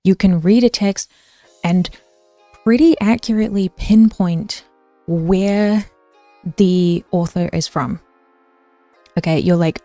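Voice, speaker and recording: Slow, mellow-voiced woman streamer rambling. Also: lowish voice, dry recording, faint music behind. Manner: rambling, many fillers and restarts, answers chat. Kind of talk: casual linguistics rant to chat.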